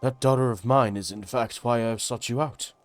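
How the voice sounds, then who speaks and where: A man's voice: medium pitch, fairly even intonation, brisk, dry recording, soft background music, voice pushed up, natural voice. A man voicing an earnest older nobleman asking for help finding his daughter in a game role-play. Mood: worried. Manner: earnest, formal. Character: worried older nobleman father.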